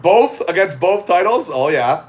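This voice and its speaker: A man's voice: high voice, animated, unhurried, slightly rough. A man hosting a casual livestream chat, reading viewer questions aloud and teasing his guest. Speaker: livestream host.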